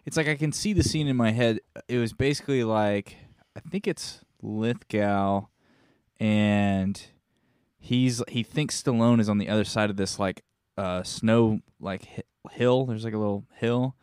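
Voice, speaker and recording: A man with a smooth, clear voice talks casually on a podcast. He rambles through a movie scene he remembers, filling his sentences with "like." The sound is dry and close. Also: lowish voice, unhurried, darkish tone, dry recording. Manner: rambling, hedging with "like". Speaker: podcast co-host.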